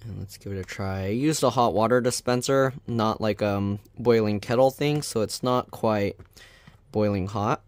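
A man casually reviewing a food product on his vlog, reading the label aloud in a plain, even way with chatty asides. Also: lowish voice, normal speed, dry recording.

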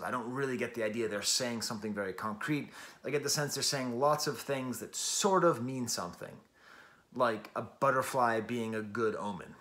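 A man's voice: mid-range voice, fairly bright tone. A man hosting a casual music review, talking enthusiastically and chattily with self-deprecating asides.

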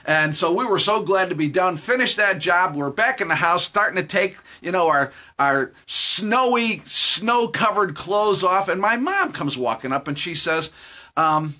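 Husky, animated man telling a story. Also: high-pitched, unhurried. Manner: jokey, chuckling, conversational. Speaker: Christian devotional speaker. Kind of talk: live devotional storytelling.

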